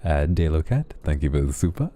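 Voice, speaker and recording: A man streamer reading out viewer donation messages in a sleepy ASMR style, soft, affectionate and relaxed, close to the microphone. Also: extremely low pitch, brisk.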